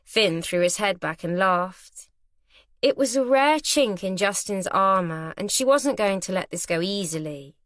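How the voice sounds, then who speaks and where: A woman's voice: medium pitch, no room sound. Woman narrating a thriller audiobook, dry. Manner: measured, steady storytelling. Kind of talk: scripted narration.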